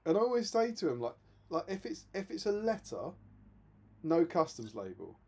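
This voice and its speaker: Animated man, lively pitch. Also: moderate pace. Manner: animated, exasperated storytelling with laughs. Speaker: co-host. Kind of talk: casual livestream chat.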